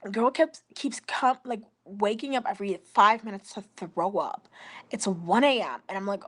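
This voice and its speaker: A woman's voice: fairly high pitch, sing-song, moderate pace. A young woman recording a casual storytime voice message on her phone, rambling and swearing, full of "like". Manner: rambling, profane, filler-heavy with lots of "like". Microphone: phone voice memo.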